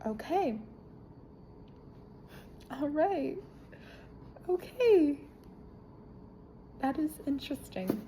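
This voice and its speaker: A woman's voice: high voice, drawn-out words, long pauses, slight background noise, low-quality recording. Irreverent woman casually reviewing a book. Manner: irreverent, profane, animated retelling.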